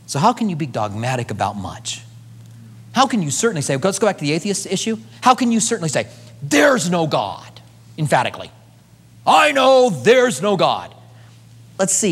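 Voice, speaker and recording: A man preaching a sermon, moving between loud emphasis and hushed asides, then leading a prayer. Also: on the high side, in a large hall. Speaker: pastor.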